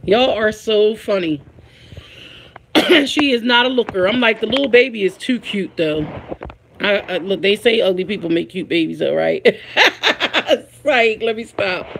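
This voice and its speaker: A woman's voice: medium pitch, measured pace, vocal fry, slight background noise. A woman hosting a casual live stream, chatting with her viewers and reading their comments aloud, laughing often. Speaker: livestream host.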